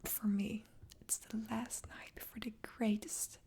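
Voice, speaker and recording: A woman voicing a laid-back young male fiancé in whispered role-play, with a soft unvoiced whisper, deepened and reassuring. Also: level tone, a little slow, vocal fry. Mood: earnest.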